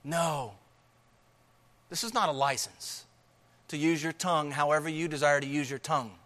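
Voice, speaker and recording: A man's voice: fairly high pitch, normal speed, fairly bright tone, big-room sound. A man preaching a sermon, emphatic, repeating key phrases and asking rhetorical questions.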